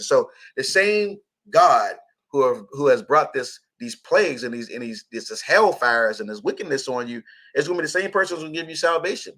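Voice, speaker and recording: A man's voice: medium pitch, animated, brisk, bright, forceful tone. A man hosting a radio show, teaching scripture in casual talk, blunt and profane, laughing often.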